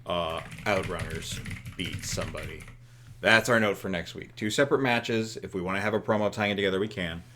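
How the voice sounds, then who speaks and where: A man's voice: sits low, brisk, pushed and bright, a little hiss or hum. A man co-hosting a casual game session, thinking aloud with fillers and jokes. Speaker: co-host. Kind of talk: casual chat while playing a booking game.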